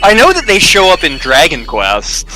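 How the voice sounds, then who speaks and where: A man from Virginia co-hosting a game stream, chatting and rambling with quick jokes. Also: on the high side, wildly swooping pitch, bright, forceful tone, a little hiss or hum. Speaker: co-host. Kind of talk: casual chat while streaming a game.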